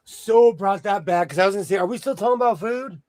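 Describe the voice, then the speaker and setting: A man hosting a casual sewing show chat, telling jokey stories in an animated way. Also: sits high, quick pace, dry recording. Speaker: host.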